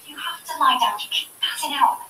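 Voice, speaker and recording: A woman's voice: sits high, brisk, pushed and bright. An actress with a Scottish accent playing a firm, coaxing woman who tends a confused patient. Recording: TV audio heard from far off in an echoey room with hiss.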